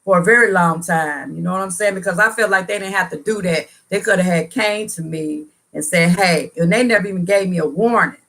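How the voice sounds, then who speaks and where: A woman hosting a casual livestream answers viewers with motivational testimony, earnest, preachy, and slangy, repeating phrases for emphasis. Her voice sits on the low side and is a bit bright, brisk, with hardly any pauses.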